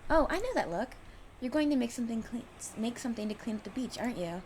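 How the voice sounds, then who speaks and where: A woman's voice: medium pitch, rapid-fire, darkish tone, a little hiss or hum, natural voice. A woman voicing a cheerful, scatterbrained young woman in a visual novel, bubbly and teasing. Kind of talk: reading a visual novel aloud.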